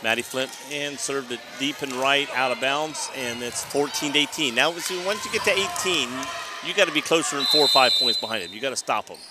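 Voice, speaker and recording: A man doing live play-by-play commentary of a high school volleyball match, chatty and rambling, often restarting his sentences. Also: fairly quick, few pauses. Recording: noisy gym ambience. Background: gym noise, balls bouncing.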